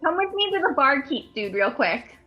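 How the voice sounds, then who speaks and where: A woman's voice: high voice, very animated, moderate pace, soft background music. A woman playing her character in a tabletop game, blunt and impatient in a casual way. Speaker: player. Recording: dull lo-fi mic.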